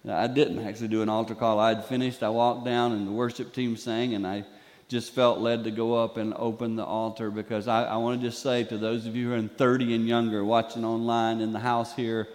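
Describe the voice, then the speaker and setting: An older man giving a sermon as a guest speaker in a church, telling stories in an animated way and acting out the voices he quotes. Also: medium pitch, fairly quick, big-room sound. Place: church sanctuary.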